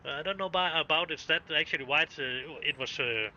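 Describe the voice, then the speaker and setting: A Danish-accented man chatting on his live stream, his voice bright and edged, pitched a little above the usual. He swears freely and keeps breaking off to restart his sentences, all through a dull, lo-fi mic. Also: a little fast, slight background noise. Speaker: game streamer. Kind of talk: casual live-stream chat.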